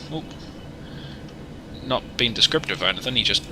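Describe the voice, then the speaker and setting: A man's voice: medium pitch, moderate pace, long pauses, background noise. A man casually chatting while streaming a flight simulator, joking and greeting viewers by name. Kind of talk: casual livestream commentary.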